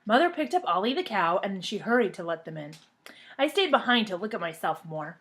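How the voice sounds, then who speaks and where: A woman reading a children's storybook aloud in a lively, expressive way, then talking to the children she reads for. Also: mid-range voice, moderate pace. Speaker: reader of a children's book.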